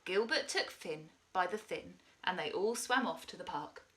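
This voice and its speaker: Woman, teacher, children's story read-aloud, bright tone, animated. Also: on the low side, normal speed. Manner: expressive, animated reading.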